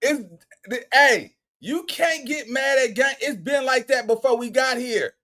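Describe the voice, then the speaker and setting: A man hosting a reaction video, loudly teasing and exclaiming in slangy casual commentary. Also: very high-pitched, measured pace. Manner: excitable, teasing, loud exclamations and laughter; repeats slangy tags like "boy" and "bro".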